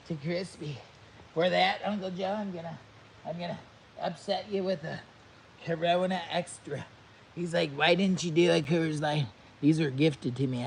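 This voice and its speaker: A man's voice: on the high side, creaky, a little mellow, a little hiss or hum, poor audio. A man hosting a vlog, chatting upbeat and straight to viewers while eating and cooking. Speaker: vlog host. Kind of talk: casual chat to camera.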